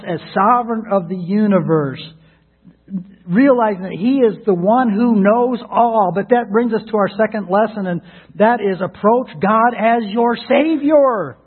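A man's voice: sits high, a little slow, breathy edge. A man preaching a sermon as pastor, earnest and prone to repeating words as he starts a thought. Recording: tinny narrowband radio broadcast.

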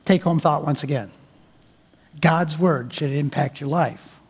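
Male pastor, high voice, sermon, slow emphatic stresses, frequent restarts. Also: a little mellow, husky, muffled recording.

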